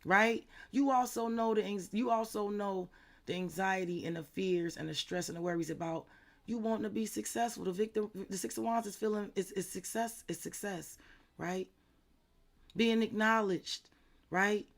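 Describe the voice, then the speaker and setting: During a live tarot session, this mid-range, vocal-fry voice moves at a moderate pace. The reader addresses her audience head-on with insistent repetition and plenty of cursing, calling out viewers in the chat by name.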